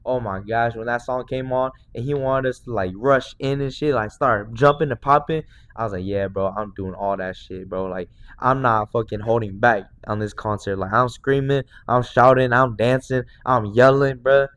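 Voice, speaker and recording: A man in his twenties, a podcast host, telling a story in excited, slangy casual chat full of fillers. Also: medium pitch, normal speed, hardly any pauses. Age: 20s.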